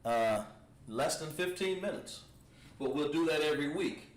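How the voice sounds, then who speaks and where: A man teaching a livestreamed Hebrew language class, slowly drilling words with lots of repetition. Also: a little high, animated. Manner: slow, repetitive, drawn-out pronunciation drills. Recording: roomy echo, distant mic, faint background noise.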